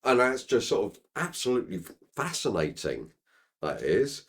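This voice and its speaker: A man's voice: mid-range voice, very animated, moderate pace. A man co-hosting a casual chat, rambling and piling on filler phrases. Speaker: co-host.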